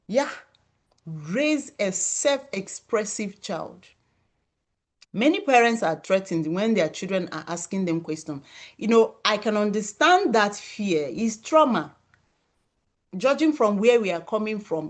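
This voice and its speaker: A woman's voice: mid-range voice, very animated, a little slow. A woman giving an emphatic motivational talk to parents, repeating key phrases for stress. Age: adult parent of children. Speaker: parenting speaker.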